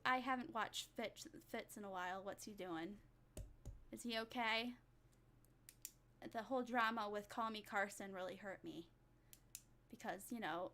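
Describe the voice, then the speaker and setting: A woman's voice: fairly high pitch, pushed and bright. A young woman streaming as a vtuber, chatting casually with her viewers in a giggly, rambling, self-mocking way.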